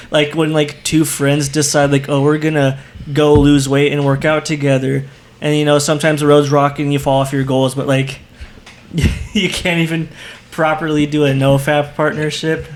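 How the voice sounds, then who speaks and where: A young man co-hosting a podcast in casual chat, riffing with quick jokes. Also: on the high side, little pitch movement. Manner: joking, quick riffing interjections. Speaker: podcast co-host.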